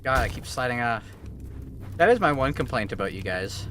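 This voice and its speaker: A man streaming a video game live, reacting in an excitable, joking and profane way. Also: medium pitch, moderate pace, slight background noise. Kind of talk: live gameplay commentary. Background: game music.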